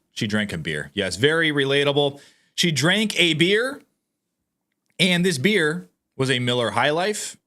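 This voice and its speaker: Bright, lively sarcastic male commentator. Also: fairly high pitch. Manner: sarcastic, mocking; animated, addresses viewers directly. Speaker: political commentator. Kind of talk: casual commentary vlog.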